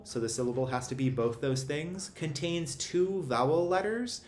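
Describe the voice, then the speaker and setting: A man teaching a recorded phonics lesson, explaining syllable accents in a clear, methodical way. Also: mid-range voice. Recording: roomy echo, faint background hum.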